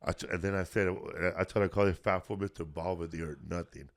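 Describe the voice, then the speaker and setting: Low-voiced man telling loose road stories. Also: steady tone, a little fast. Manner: loose, profane, peppered with "bro". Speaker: podcast host, comedian. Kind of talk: casual storytelling chat.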